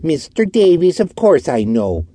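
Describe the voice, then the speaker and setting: A man's voice: a little high, animated, unhurried, dark tone, no echo, pitched above the performer's own voice. A man voicing a sullen, cowardly man who turns sarcastic and frightened in an audiobook. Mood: sneering.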